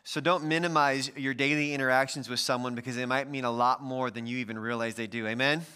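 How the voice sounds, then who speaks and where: A man's voice: mid-range voice, fairly even intonation, quick pace, pushed and bright, smooth. A man preaching as pastor in a friendly, conversational way, addressing the congregation directly. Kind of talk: sermon.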